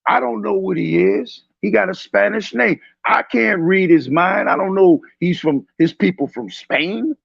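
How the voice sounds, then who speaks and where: A man's voice: high-pitched, unhurried, creaky, hardly any pauses, breathy edge, no room sound. A man in his fifties speaking in a heated online discussion, preachy and confrontational, raising his voice at times, over dull lo-fi stream audio. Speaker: panel speaker.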